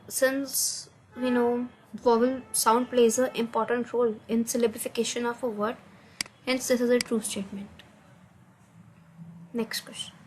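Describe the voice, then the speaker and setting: A woman with an Indian English accent and a somewhat high voice explains test answers step by step. She hesitates often and fills the gaps with "uh". A faint hiss sits under the recording. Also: a little mellow, rough recording. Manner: hesitant, many uh fillers, non-native grammar. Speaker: student explaining assignment answers. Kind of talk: screen-recorded answer walkthrough.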